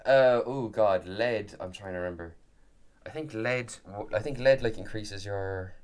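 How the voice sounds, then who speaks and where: A man with a very low voice talks casually on a podcast. He rambles and keeps restarting his sentences. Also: measured pace. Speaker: podcast co-host and game master. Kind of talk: casual chat.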